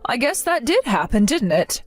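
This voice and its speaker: A middle-aged woman playing a resilient mother who gently comforts her grown daughter. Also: a little high, very animated, normal speed, soft background music. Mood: reassuring. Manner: gentle, reassuring.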